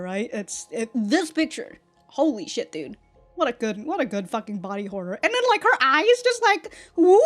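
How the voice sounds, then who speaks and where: A woman hosting a casual anime reaction, excitable and profane, often laughing. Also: medium pitch.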